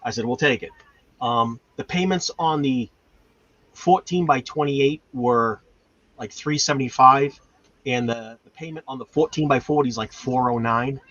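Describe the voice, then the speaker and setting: A man of medium pitch with a fairly bright tone takes his time, chatting casually as host of a homestead channel. His storytelling rambles and is laced with fillers, recorded with no echo but a dull lo-fi quality.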